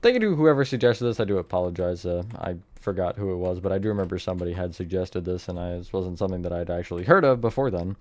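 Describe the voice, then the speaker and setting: Low-voiced young man, rambling tutorial. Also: animated, fast, hardly any pauses, darkish tone. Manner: rambling, hedging, self-correcting. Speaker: Minecraft tutorial host. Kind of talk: casual building tutorial narration.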